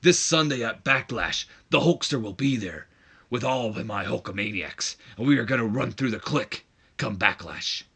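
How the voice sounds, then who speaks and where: A man putting on a boastful wrestling legend delivering a loud promo, as a jokey impression. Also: mid-range voice, animated, moderate pace, vocal fry, slightly rough, heavily acted. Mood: hyped promo.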